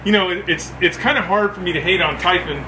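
A man telling a profane story about boot camp among coworkers, acting out shouts as he goes. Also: high voice, quick pace, roomy sound, noisy background. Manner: animated, swearing, acts out shouts. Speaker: former Marine telling a story.

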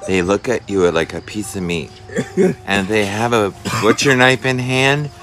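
A man's voice: fairly low pitch, measured pace, a bit bright, faint music behind. A man playing a brash, vain female talk show host and fussing mother, campy and boastful.

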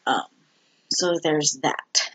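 A vlogger giving a candid personal update, talking slowly and haltingly with many ums and restarts. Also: mid-range voice, a bit bright. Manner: candid and self-deprecating. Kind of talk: casual personal health update.

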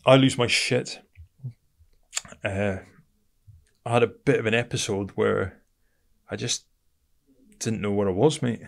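A man's voice: on the low side, a little slow, gravelly, pauses often. A man from Britain, a podcast guest telling his story bluntly and candidly, swearing often and calling the host mate.

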